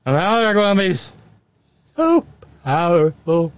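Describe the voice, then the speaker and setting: A man's voice: high-pitched, sing-song, a little slow, no echo, voice pushed up. A man putting on a slurring, rambling woman TV pundit who stumbles over words in outrage, on slightly muffled audio. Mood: outraged.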